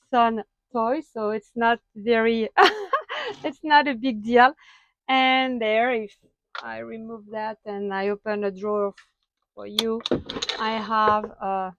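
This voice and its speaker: Slow-talking French-accented woman in her van. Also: a little high, no echo, muffled recording. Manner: chatty, halting with frequent fillers and laughs. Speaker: vlogger. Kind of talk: casual van tour vlog. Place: inside a small van.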